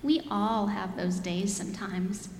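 A woman voicing a gentle, patient mother from a storybook, read aloud in an echoey church. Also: mid-range voice, fairly even intonation, measured pace, gravelly, slight background noise.

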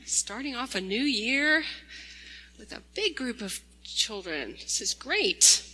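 Woman pastor, bright voice in echoey church. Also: on the high side, sing-song, takes it slowly, husky. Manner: gentle storytelling to children. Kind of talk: children's sermon. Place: large church sanctuary.

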